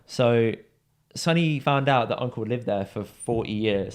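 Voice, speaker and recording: Young male podcast co-host, lively storyteller who does the voices, mid pitch. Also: normal speed. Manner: animated storyteller, acts out quoted voices with big pitch jumps. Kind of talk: casual storytelling chat.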